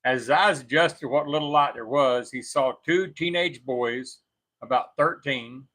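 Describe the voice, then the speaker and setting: A man with a bright, forceful voice reads a creepy story aloud for his co-host. He keeps a steady storytelling pace and stops to fix his own slips as he goes. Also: mid-range voice, measured pace, poor audio. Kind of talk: reading a scary story aloud on a talk show.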